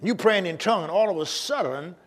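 A man's voice: high voice, animated, fairly quick, long reverb tail. A male pastor preaching a sermon with emphatic call-and-response to his congregation, in a church sanctuary.

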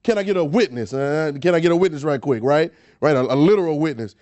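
A man's voice: a little high, fast, hardly any pauses, darkish tone. A man preaching a sermon, emphatic and repetitive, asking rhetorical questions and often restarting his words. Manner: frequent word repetitions and restarts.

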